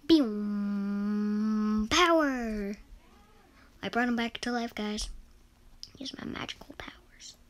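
High-voiced woman, whispery gaming chatter. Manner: drops into frequent whispers, excitable, repeats words rapidly. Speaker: gamer. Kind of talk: casual gaming commentary.

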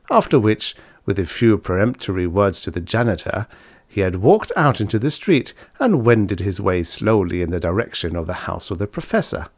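Male storyteller, lower voice, animated reads, dry booth sound. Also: dry recording. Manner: expressive storytelling. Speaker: audiobook narrator. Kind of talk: scripted narration.

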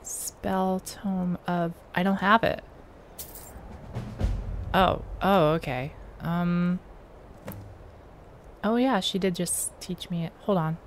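A woman's voice: lowish voice, slow pace, pauses often, a little hiss or hum. A woman giving casual game commentary at home, joking and impatient, talking back to the characters. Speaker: let's play gamer.

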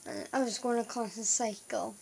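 A woman's voice: fairly high pitch, a little fast, gravelly, poor audio. A young woman, chatting in a rambling, flustered vlog with lots of filler words. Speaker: vlogger. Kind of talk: casual vlog chat.

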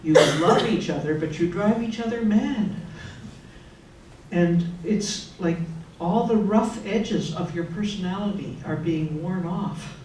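A woman's voice: fairly low pitch, slow, background noise. An older woman, a religious sister, giving an earnest and personal retreat talk in a conversational way. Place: retreat hall. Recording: echoey room, mic far off.

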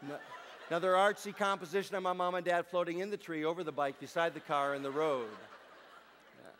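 A man doing stand-up comedy, telling stories on stage to a live audience in a playful, chatty way with deadpan asides. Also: a little high, brisk, slight background noise.

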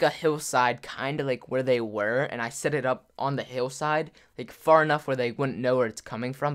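A young man YouTuber telling a story to camera in a casual, rambling way, full of "like" and quick laughs. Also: medium pitch, clear, resonant tone.

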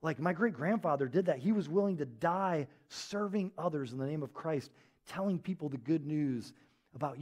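A man preaching a sermon in a church, telling stories in a casual, animated way with lots of filler words. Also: a little high, moderate pace. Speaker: pastor.

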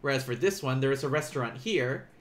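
A man's voice: mid-range voice, brisk. Casual man teaching on a live stream. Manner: relaxed, chatty explaining with frequent fillers and restarts. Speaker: Japanese teacher.

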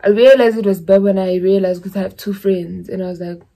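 A woman's voice: medium pitch, steady tone, brisk, mellow. Chatty young South African woman vlogging. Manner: chatty, mixes in Zulu phrases, rambling storytelling. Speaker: YouTuber. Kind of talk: casual vlog chat.

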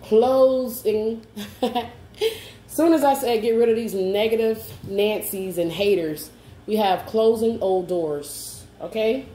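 Warm-voiced woman giving a soothing tarot reading. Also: on the high side, slow pace. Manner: reassuring, coaxing, keeps asking "okay?". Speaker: tarot card reader. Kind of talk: spoken tarot reading to camera. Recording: roomy echo, faint background hum.

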